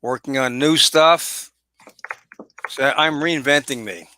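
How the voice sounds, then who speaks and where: A man's voice: mid-range voice, slow pace, bright, forceful tone, a little hiss or hum. A man guest joining a casual chat, joking and talkative.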